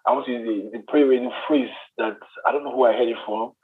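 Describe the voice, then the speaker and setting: A man's voice: medium pitch, steady tone, quick pace, breathy edge. A man co-hosting a podcast over a remote call, playful and mock-grand in his joking. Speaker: podcast co-host. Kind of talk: casual podcast chat. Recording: tinny phone line.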